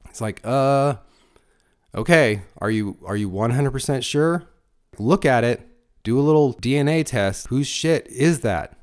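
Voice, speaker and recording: A man's voice: mid-range voice, lively intonation, unhurried. A middle-aged man and father giving blunt, crude life advice in a motivational monologue, full of emphatic rhetorical questions.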